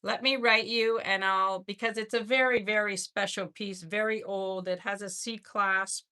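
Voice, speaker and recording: Bright, chatty woman selling jewelry live. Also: medium pitch, fairly even intonation, normal speed, clear, resonant tone. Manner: chatty, effusive, repeats words. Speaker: host of a live jewelry sale. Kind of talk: casual live-stream selling.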